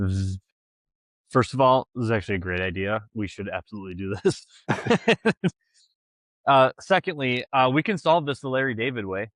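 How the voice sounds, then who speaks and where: Man, casual podcast chat, animated, voices people he quotes, dry close sound. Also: moderate pace, pauses often, no echo. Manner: animated storyteller, jumps pitch when quoting people. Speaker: podcast co-host.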